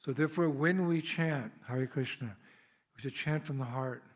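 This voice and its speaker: Speaking in a mid-range voice at normal speed, an American man who is a visiting monk gives a devotional sermon in a temple hall, chatting through stories, laughing frequently, and dramatizing the scenes.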